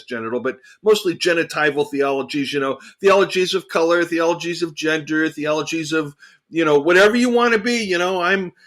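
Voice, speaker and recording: A man co-hosting a casual theological discussion, talking in an animated, emphatic way and repeating phrases for emphasis. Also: fairly high pitch. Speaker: podcast co-host.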